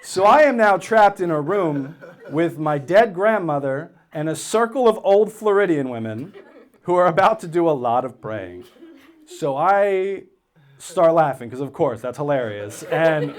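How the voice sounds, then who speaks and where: A man in his thirties doing stand-up comedy on stage, telling a story in a conversational way and quoting people as he goes. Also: fairly high pitch. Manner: conversational storytelling with quoted asides.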